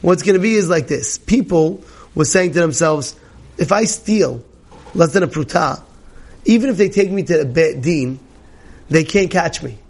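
High-voiced rabbi telling lively stories. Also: male voice, measured pace, vocal fry, long pauses, breathy edge. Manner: animated storytelling, many repetitions; laughs often while talking. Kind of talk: Torah class.

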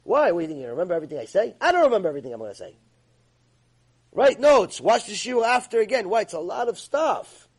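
Husky, high-voiced man giving an emphatic lecture. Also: big pitch swings, fast talker, poor audio. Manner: emphatic, scolding, acts out quoted voices. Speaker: Torah teacher. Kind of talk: religious ethics lecture.

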